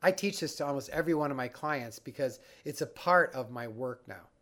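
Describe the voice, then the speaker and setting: A man teaching a breathing exercise for anxiety, guiding the listener step by step in a calm, instructive way. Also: medium pitch, brisk. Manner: calm, guiding, acts out the panicked mind. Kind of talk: instructional talk.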